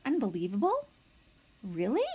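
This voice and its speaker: A woman's voice: mid-range voice, wildly swooping pitch, normal speed, warm tone, breathy edge. A woman voicing a theatrical female opossum who is proud of her acting, talking in a dramatic, self-assured way.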